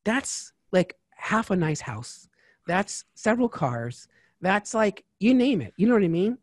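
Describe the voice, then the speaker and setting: A man's voice: high voice, unhurried, no echo. Chatty man with a dry sound. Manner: lively, chatty, full of asides and fillers. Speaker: tax strategist guest. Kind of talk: casual interview chat.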